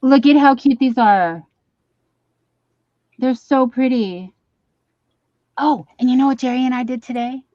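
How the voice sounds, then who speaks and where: A woman's voice: sits high, a little slow, pauses often, mellow, no echo, muffled recording. Chatty, easily sidetracked middle-aged woman. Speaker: livestream host. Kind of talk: casual live-stream chat. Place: at home. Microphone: computer mic for a live stream.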